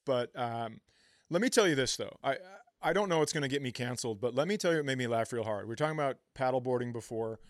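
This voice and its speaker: A man's voice: medium pitch, lively intonation, fast talker, no room sound, clean studio sound. A man co-hosting a comedy podcast, telling a story in casual chat, laughing often and swearing freely. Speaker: podcast co-host.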